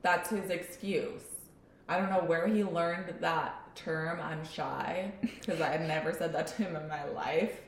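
A woman's voice: low-pitched, steady tone, measured pace, reverberant, slight background noise. A young woman co-hosting a podcast who tells stories with animation and acts out her son's voice. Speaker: podcast co-host. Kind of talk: casual chat.

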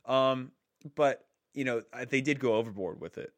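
A man's voice: medium pitch, moderate pace, no room sound. A man chatting casually on a podcast, enthusiastic and loose, full of fillers. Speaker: podcast co-host.

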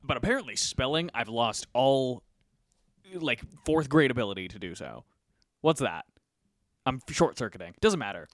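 A man's voice: mid-range voice, lively intonation, normal speed, a little hiss or hum. A man co-hosting a casual podcast chat, joking, swearing freely and laughing often. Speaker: podcast co-host.

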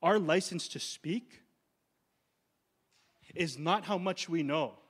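A male pastor preaching a sermon in a conversational, urgent way, slowing down on key words. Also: a little high. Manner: conversational preaching, slows down for emphasis.

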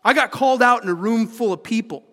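A man preaching to his congregation in an easy, conversational way, asking questions of his listeners. His voice sits high for a man. The sound rings out with the long reverb of a church hall. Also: quick pace, pushed and bright. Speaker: pastor. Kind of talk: sermon.

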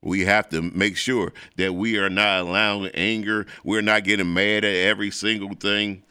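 A man hosting a show as a preacher, delivering an emphatic, repetitive preaching monologue that turns excitable when it moves to sports. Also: fairly low pitch, normal speed, smooth, no room sound, clean studio sound. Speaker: preacher and host.

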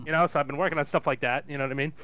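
A young man telling stories in a crude, lively way in casual podcast chat. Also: fairly high pitch, rapid-fire, clean tone, no echo. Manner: crude, swearing, lively storyteller. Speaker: podcast co-host. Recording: dull dry lo-fi sound.

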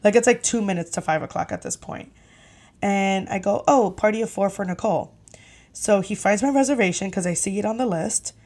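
A young woman hosting a podcast, telling a story casually with lively, profane, exasperated energy. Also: mid-range voice, fairly quick. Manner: animated, profane, exasperated retelling. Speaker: podcast host.

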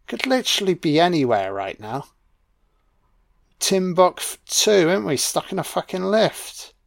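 A high-pitched man with vocal fry delivers an audio-only film commentary rant, sarcastic and mocking with heavy swearing. His mic is completely dry, with no echo or room sound.

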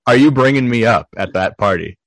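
A man's voice: medium pitch, lively intonation, brisk, fairly bright tone. A man co-hosting a podcast, telling a story in a casual chat full of filler words. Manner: storytelling with many filler likes. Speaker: podcast co-host.

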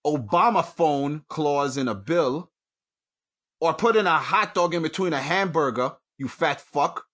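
Ranting profane New man. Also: medium pitch. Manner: angry, profane, swings from shouting to mutters. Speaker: podcast host. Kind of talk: profane solo rant. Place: at home.

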